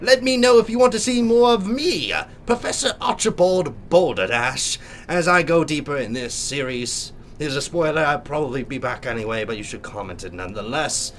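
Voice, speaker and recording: Excitable young gamer man, sore throat. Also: a little high, moderate pace, few pauses, a little hiss or hum. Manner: excitable, jokey, theatrical. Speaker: gaming YouTuber. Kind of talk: let's play commentary.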